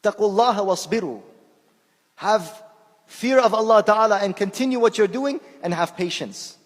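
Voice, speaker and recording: High-voiced man preaching in a reverberant hall. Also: moderate pace. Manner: conversational, repeats words while searching, acts out quoted voices. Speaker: shaykh giving a talk. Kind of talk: informal sermon with anecdotes.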